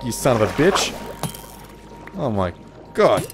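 A man's voice: mid-range voice, slow pace. A man giving panicky, swear-filled let's play commentary while he plays a video game. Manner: excitable, panicky, swears often. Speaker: gaming video host. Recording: game music playing behind. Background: game music and water sounds.

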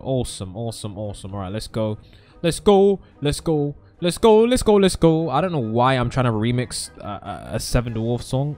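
A young man hosting a gaming video, energetic and rambling, with a jokey let's-play commentary manner. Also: fairly high pitch.

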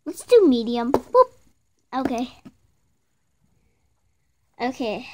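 A woman's voice: high-pitched, big pitch swings, extremely slow, noisy background. A woman improvising a playful, bickering skit, voicing a group of plush toys herself. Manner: playful, bickering, childlike banter.

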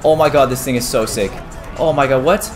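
A young man narrating his gameplay as a YouTuber, excitable, dropping from quiet mutters to sudden yelps. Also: mid-range voice, brisk, faint music behind. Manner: excitable, swings from muttering to yelping. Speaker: gaming YouTuber. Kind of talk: game commentary.

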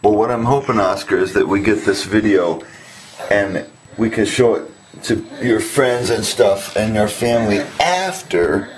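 Man, father, home video, coaxing and teasing, slow pace, faint background hiss. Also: lowish voice, low-quality recording. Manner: gentle, teasing, coaxing questions. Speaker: father filming his child. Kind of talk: home video, talking to a small child.

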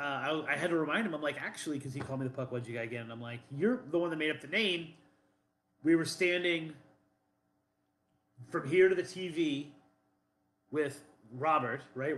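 A man's voice: a little high, a bit bright. Rambling man with echoey room sound. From Boston. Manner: rambling, defensive, many fillers and restarts. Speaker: podcast co-host. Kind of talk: casual chat.

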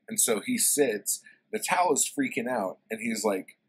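A man's voice: on the low side, unhurried, a little hiss or hum, rough recording. A man casually retelling a favorite story in a book review, rambling and swearing with lots of fillers.

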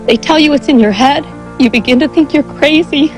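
A woman making an impassioned appeal in short, pleading, forceful statements. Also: high voice, a little fast, soft background music, low-quality recording.

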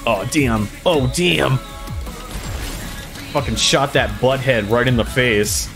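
A man giving casual, profane, excitable commentary while playing a video game. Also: medium pitch, slow pace, creaky, over music. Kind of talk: casual let's-play commentary. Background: game soundtrack and sound effects.

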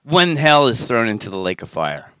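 A man's voice: medium pitch, sing-song, moderate pace, a bit bright, clear, resonant tone, dry recording. A man hosting the show, teasing his guest in casual banter. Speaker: host.

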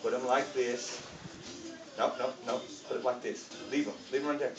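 A man's voice: mid-range voice, little pitch movement, normal speed. A man teaching children as a martial arts instructor at a belt test, playful and encouraging, talking simply to kids in a studio. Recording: echoey room from far away with music.

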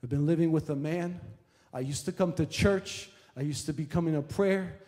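A woman's voice: low voice, normal speed, mellow, lightly acted. A man voicing a remorseful woman who pleads with God, her voice rising to a desperate cry. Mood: pleading. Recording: echoey hall reverb.

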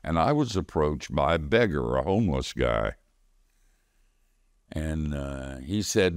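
A man's voice: very deep voice, lively intonation, slow pace, pauses often, no echo, studio quality. A man preaching a sermon, telling a personal story in a conversational way and answering his own questions. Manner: conversational storytelling, call-and-response. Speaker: pastor.

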